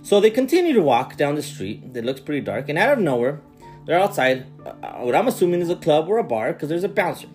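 Animated man recapping a baffling movie. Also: a little high, fast, faint music behind. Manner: animated, incredulous storytelling with swearing. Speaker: podcast co-host. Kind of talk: casual movie recap chat.

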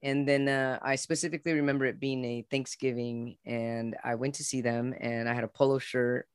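A man's voice: mid-range voice, level tone, a little fast, clear, resonant tone, no room sound. Earnest man telling his story, dry sound. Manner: earnest and openly emotional. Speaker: podcast guest. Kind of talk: heartfelt personal storytelling.

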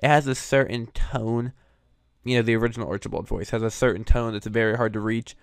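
A man's voice: medium pitch, level tone, a little fast, creaky, smooth, dry recording. A man hosting, giving casual, hedging commentary on cartoon voice recasts, with frequent fillers. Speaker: host reviewing voice recasts.

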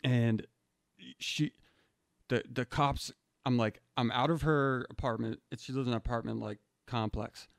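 A young man tells a personal story in a loose, rambling way, full of slang and "dude." His pitch sits mid-range for a man. He restarts sentences often, and the recording is close and dry with no room echo. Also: steady tone, a little slow, creaky. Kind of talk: casual storytelling.

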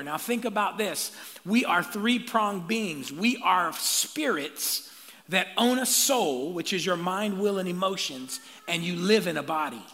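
A man preaches from the pulpit with a bright, forceful, somewhat high voice. He calls out to his congregation for responses and rises into shouts. The sound carries a long reverb from a large church sanctuary. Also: creaky. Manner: energetic call-and-response preaching, rising to shouts. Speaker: pastor. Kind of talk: sermon.

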